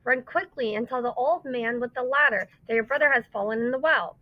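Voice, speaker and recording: A woman's voice: a little high, brisk, lightly acted. A woman doing a stern, scolding mother. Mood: alarmed. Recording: dull lo-fi dry recording.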